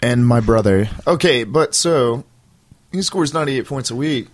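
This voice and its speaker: A man's voice: mid-range voice, lively intonation, normal speed. A man co-hosting a casual podcast with his roommates, ranting in a profane, riled-up way. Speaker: podcast co-host. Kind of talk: casual banter among roommates.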